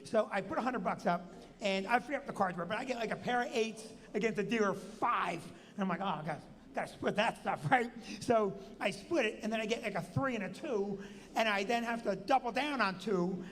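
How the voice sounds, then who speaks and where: Jersey guy telling a story on a live show, loud jumps into voices, echoey hall. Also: fairly quick. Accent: New Jersey. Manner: animated, acts out quotes with big pitch jumps. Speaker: comedian and show host. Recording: long hall reverb.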